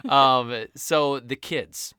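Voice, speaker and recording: A man's voice: medium pitch, very slow, pushed and bright, smooth, no echo, studio quality. A man co-hosting a podcast, casually and animatedly retelling film trivia. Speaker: podcast co-host. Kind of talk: casual chat.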